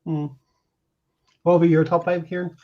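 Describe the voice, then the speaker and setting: Higher-voiced man on a dull line. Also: little pitch movement, moderate pace. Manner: brief agreeing interjections, prompts others. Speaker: podcast host. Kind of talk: casual chat. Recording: dull lo-fi sound.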